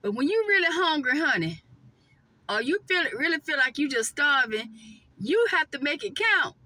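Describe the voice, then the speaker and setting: High bright-voiced woman chatting. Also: sing-song, moderate pace, dry recording, poor audio. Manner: chatty, addresses viewers as y'all and honey. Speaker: vlogger. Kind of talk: casual mukbang vlog chat. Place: parked car.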